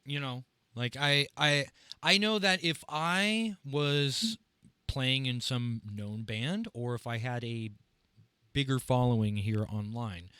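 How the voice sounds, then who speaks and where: A man hosting a podcast about drumming, talking casually and rambling in long, halting sentences. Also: mid-range voice, animated, sharp tone, smooth, no room sound. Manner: rambling, full of fillers and restarts. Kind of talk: casual interview chat.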